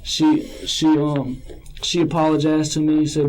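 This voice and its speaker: A man's voice: fairly high pitch, level tone, moderate pace, darkish tone, poor audio. Rambling man in a police interview. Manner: rambling, hesitant, repeats himself.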